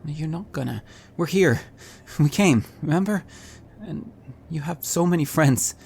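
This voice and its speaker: A man playing a tabletop game in character, speaking in a reassuring, steady way. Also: on the high side, unhurried, vocal fry, slightly rough. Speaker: player.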